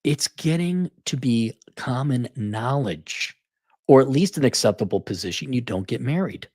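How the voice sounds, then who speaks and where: A man's voice: medium pitch, expressive, moderate pace, a little mellow, husky, dry recording, clean studio sound. A middle-aged man hosting a livestream, reading out viewer donations and answering them in blunt, profane, sarcastic talk, often slipping into mocking impressions. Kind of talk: casual livestream commentary. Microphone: studio mic in a home room with soundproofing panels.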